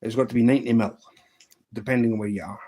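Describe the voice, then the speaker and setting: This fly-tying livestream host talks fast in a mellow, medium-pitched voice with fairly even intonation. Working at his bench indoors, he keeps up a chatty stream of jokes and answers to viewer questions.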